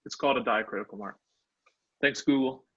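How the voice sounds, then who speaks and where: A man's voice: medium pitch, fairly quick, pushed and bright. A male instructor teaching a live online class, sounding out words syllable by syllable. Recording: dull lo-fi online call audio.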